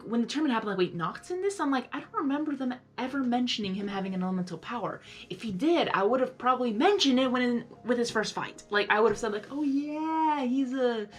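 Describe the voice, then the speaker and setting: Young woman doing a live reaction, rambly and chatty, says like constantly, faint music behind. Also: medium pitch. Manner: chatty, lots of "like", talks back to the characters. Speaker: reaction video host. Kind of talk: casual live reaction commentary.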